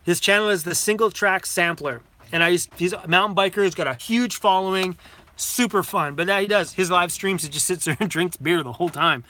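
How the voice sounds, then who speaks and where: A middle-aged man with a high, bright voice chats on a live stream from his phone. He tells stories in a loose, rambling way, laughing often and swearing now and then. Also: brisk. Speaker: vlogger hosting a live Q&A. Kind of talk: casual live-stream chat. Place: inside a van. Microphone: phone camera.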